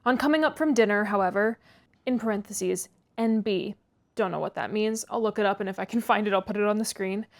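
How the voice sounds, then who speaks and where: A woman reading a classic novel aloud, pausing for chatty asides and laughing at her own stumbles. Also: mid-range voice. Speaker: audiobook reader, read-aloud host.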